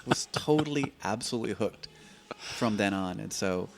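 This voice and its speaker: A man in his fifties with a low, deep voice tells stories on a podcast. He talks in an animated, rambling way, stacking up repeated words as he gathers his thoughts. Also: moderate pace, creaky, slight background noise. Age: 50s. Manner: animated, repeats words and restarts while thinking. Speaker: podcast guest. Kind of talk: conversational storytelling. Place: open-air bike and coffee shop in a garage.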